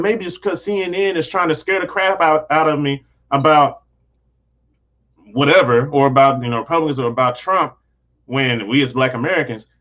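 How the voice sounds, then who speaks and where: Male host, casual livestream commentary, earnest and rambling, slightly high voice, lo-fi sound. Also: a bit bright. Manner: earnest, rambling with frequent restarts. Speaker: channel host.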